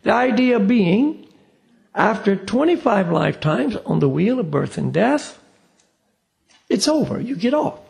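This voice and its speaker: Man, meditation teacher, high gravelly voice, conversational class lecture, acts out dialogues. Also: very animated, measured pace, pauses often, a little mellow. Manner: conversational, repeats "you see", acts out quoted dialogue.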